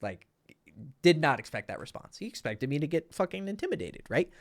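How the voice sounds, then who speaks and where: A man, a dating coach, telling a story casually, animated, laughing and swearing freely. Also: fairly high pitch, brisk.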